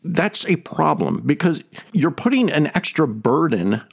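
A man's voice: a little high, very animated, measured pace, creaky, breathy edge. A man hosting a podcast, giving an earnest teaching talk and restating his main point several times. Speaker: podcast host. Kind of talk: teaching talk on a faith topic.

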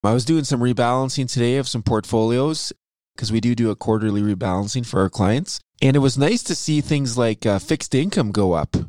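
A man's voice: medium pitch, brisk, darkish tone, no room sound, studio quality. Upbeat chatty male podcast co-host. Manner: upbeat, chatty, self-aware about his "radio voice". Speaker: podcast co-host, financial advisor. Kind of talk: casual chat.

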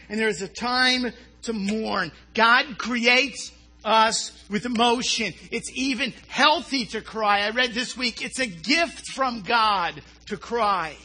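A man's voice: extremely high pitch, sharp tone. A man preaching a sermon who asks rhetorical questions, answers them himself, and often stumbles and repeats his words.

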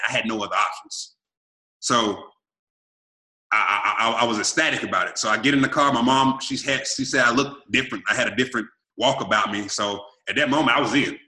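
A man in his thirties from Arkansas, telling his life story in an energetic, emphatic way and acting out what he and others said. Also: medium pitch, reverberant. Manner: energetic, repetitive and emphatic, quotes himself and others. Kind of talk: animated storytelling.

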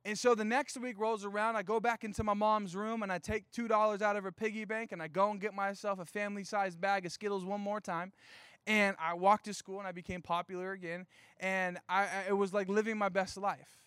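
A young man preaching a casual sermon, telling a childhood story in an animated, chatty way with lots of fillers. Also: high-pitched, a little fast, smooth, no echo, studio quality. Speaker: youth pastor. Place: outdoor evening gathering.

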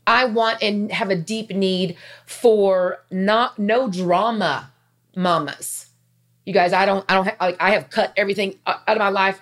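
A woman in her fifties talking earnestly and chattily to her viewers, emotional and near tears, with quick asides. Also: medium pitch. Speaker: faith vlogger. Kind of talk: heartfelt casual talk to camera.

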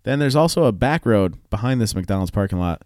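A man co-hosting a relaxed podcast, spinning anecdotes full of swearing and quick laughs. His voice sits a little low, and the recording is close and dry with no room sound. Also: no room sound. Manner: profane, storytelling, laughs often. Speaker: podcast co-host. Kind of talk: casual chat.

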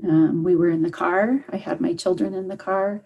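A woman telling her personal story as an interview guest, earnest and halting, with many fillers and restarts. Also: fairly low pitch, fairly even intonation, gravelly, slightly rough, highs cut off. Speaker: guest, parent.

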